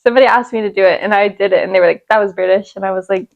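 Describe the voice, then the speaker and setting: A young woman co-hosting a podcast, telling stories in an animated, giggly way. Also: mid-range voice, rapid-fire, creaky, dry recording, phone-quality sound. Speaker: podcast co-host. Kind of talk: casual chat.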